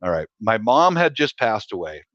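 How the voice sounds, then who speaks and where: Middle-aged male storyteller, chatty and quick to laugh, dull lo-fi dry audio. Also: lowish voice, very animated, a bit bright, dry recording. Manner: laughs often at his own stories. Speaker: guest telling stories. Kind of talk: casual storytelling chat.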